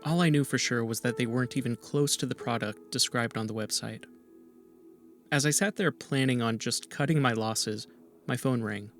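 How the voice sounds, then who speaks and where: A man reading a first-person horror story in a steady, even narration. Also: mid-range voice, moderate pace. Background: music.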